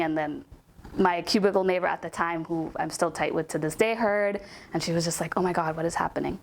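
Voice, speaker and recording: A woman's voice: fairly low pitch, slight background noise. A young woman telling a casual storytime about a coworker, chatty and full of "like" and "um" fillers.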